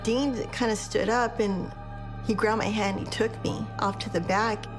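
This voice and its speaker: A woman's voice: mid-range voice, steady tone, moderate pace, over music. A woman in an interview recalling a memory in a personal, emotional way.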